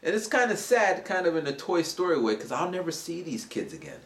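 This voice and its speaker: A man around forty, an English teacher, casually telling a rambling story for his vlog. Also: a little fast. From United States. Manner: animated, rambling, acts out voices in a high pitch. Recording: roomy echo.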